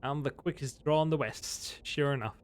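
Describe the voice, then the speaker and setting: A man's voice: medium pitch, normal speed, lightly acted. A man voicing an easygoing cowboy sidekick full of folksy western slang.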